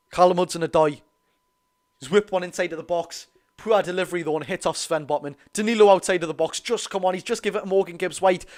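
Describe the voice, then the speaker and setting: An excitable Geordie teenage boy with a fairly high voice hosts a fan watch-along, giving live football commentary and reactions. He's chatty, calling the play while talking to chat, and his voice is going hoarse.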